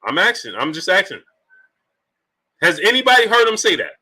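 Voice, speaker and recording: A man's voice: high-pitched, big pitch swings, normal speed, pushed and bright, breathy edge. A man hosting a boxing talk live stream, reading out super chats and firing repeated rhetorical questions at the chat. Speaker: boxing talk show host.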